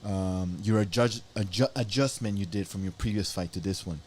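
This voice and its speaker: Male host, low voice, measured and halting, faint background hum. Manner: measured questions, stumbling restarts. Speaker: podcast host. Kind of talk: casual podcast interview.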